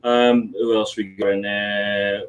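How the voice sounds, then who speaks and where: A man's voice: fairly low pitch, little pitch movement, slow pace, highs cut off. A man from Liverpool with a Scouse accent, hosting a casual livestream chat in a friendly, chatty way. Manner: chatty, friendly, calls people mate. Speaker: channel host on livestream.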